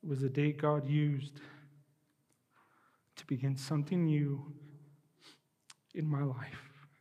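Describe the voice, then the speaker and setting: A man preaching a sermon and leading a closing prayer, earnest and emotional, with slow heartfelt pleading. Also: a little high, flat delivery, in a large hall, dull audio.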